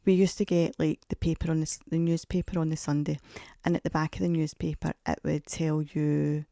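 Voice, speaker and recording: A woman's voice: sits low, level tone, fairly quick, creaky, dark tone, no room sound, studio quality. A woman in her forties hosting a podcast, telling chatty, rambling, self-mocking stories. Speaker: podcast host. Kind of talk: casual podcast monologue.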